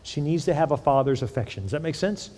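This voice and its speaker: A middle-aged man preaching a sermon as a pastor, conversational and animated, often repeating words as he tells stories. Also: fairly high pitch, quick pace. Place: large church hall. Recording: long hall reverb.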